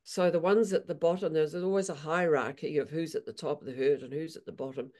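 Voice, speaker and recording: Mellow-voiced woman, animated storyteller. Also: sits low, fairly quick. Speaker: equine therapist and author. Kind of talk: storytelling in an interview.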